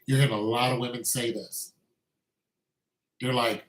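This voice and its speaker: A man's voice: mid-range voice, level tone, normal speed, roomy sound, a little hiss or hum, low-quality recording. A man delivering an opinionated monologue in an emphatic, repetitive rant. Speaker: commentator.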